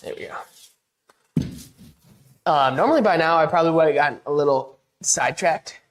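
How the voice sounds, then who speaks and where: Her voice is low and fast as she paints a wall and chats loosely with her stream viewers. She's self-deprecating and quick to laugh, rambling along with lots of restarts.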